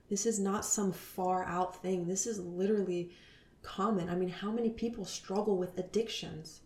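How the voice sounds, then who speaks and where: A woman in her thirties hosting a spiritual podcast, talking earnestly and dropping into soft whispers. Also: medium pitch, fairly even intonation, normal speed, echoey room. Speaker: podcast host.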